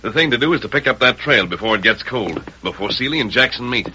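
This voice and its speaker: The Lone Ranger, crisp and commanding. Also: male voice, medium pitch, animated, fast, pushed and bright, slight background noise. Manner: crisp, decisive, takes charge. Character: commanding masked frontier hero. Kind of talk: 1940s radio acting. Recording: dull old radio broadcast.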